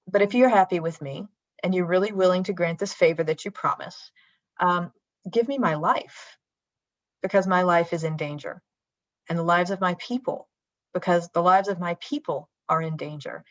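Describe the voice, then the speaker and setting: A woman playing an earnest ancient queen pleads in a low, steady voice. The sound is dry and dull. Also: normal speed, no room sound, natural voice. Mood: pleading. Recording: dull lo-fi livestream.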